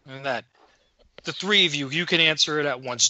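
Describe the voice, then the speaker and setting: A man's voice: fairly high pitch, fast talker, pushed and bright, no room sound. A man co-hosting a podcast, telling a story in a casual, profane, worked-up way. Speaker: podcast co-host.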